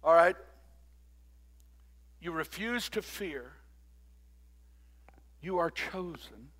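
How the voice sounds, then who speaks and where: Older man preaching in a high voice. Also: very slow. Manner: call-and-response preaching, swinging from quiet to loud. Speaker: pastor. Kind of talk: sermon.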